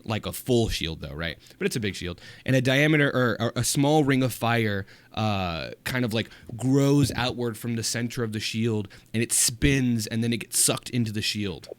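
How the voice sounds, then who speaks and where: A man's voice: medium pitch, normal speed, few pauses, no echo. A man narrating a tabletop game as game master, hesitant, with many fillers. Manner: hesitant, many ums and likes.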